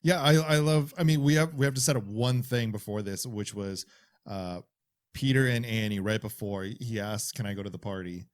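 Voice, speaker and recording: A man's voice: medium pitch, moderate pace. A man co-hosting a horror film podcast, talking casually, laughing and quoting lines from the film. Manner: chatty, laughs, quotes dialogue. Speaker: podcast co-host. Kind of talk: casual chat.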